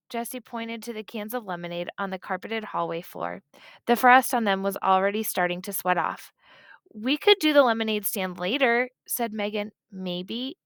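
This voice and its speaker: A woman narrating a children's book in a steady, expressive storytelling manner, close to the mic. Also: mid-range voice, clear, resonant tone, no echo. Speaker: audiobook reader.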